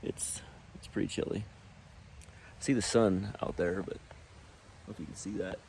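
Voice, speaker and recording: A man talking casually to the camera while backpacking outdoors, rambling and relaxed. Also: sits low, moderate pace, gravelly, slight background noise. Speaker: vlogger on a backpacking trip. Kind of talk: casual trail vlog. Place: outdoors in the mountains.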